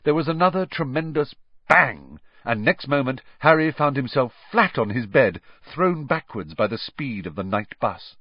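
Lively male audiobook narrator. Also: mid-range voice, normal speed, no room sound. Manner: lively, expressive storytelling. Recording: dry, slightly muffled.

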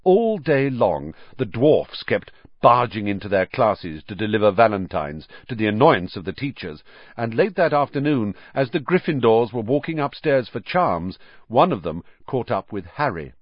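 Male storyteller, lively pitch, dry close sound, a bit muffled. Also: moderate pace, dry recording. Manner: expressive, animated reading. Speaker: audiobook narrator. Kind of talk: scripted narration.

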